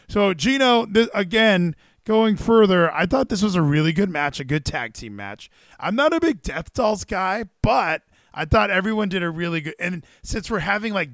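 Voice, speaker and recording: An excitable man hosting a live wrestling stream, his pitch swinging widely as he chats and swears freely. The sound is close and dry, with no room around it. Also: no echo. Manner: excitable, swears casually, thinks aloud. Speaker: stream host.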